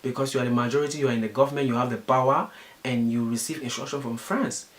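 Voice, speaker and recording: A man's voice: medium pitch, fast talker, echoey room. A man from Cameroon with a Cameroonian English accent speaks earnestly and emphatically, often repeating words as he searches for the phrase. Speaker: interviewee. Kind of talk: impassioned commentary.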